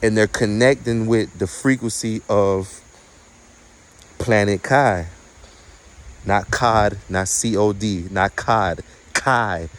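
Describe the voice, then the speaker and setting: Low-ish guy talking quiet and mellow outside at night, windy, preachy, cusses a lot. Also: steady tone, slow, pauses often. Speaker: spiritual vlogger. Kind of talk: casual outdoor vlog.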